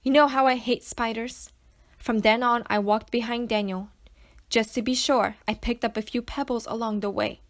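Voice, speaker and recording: A woman reading a children's novel aloud to schoolchildren, with an expressive storytelling manner. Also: on the high side, moderate pace. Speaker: teacher reading to students.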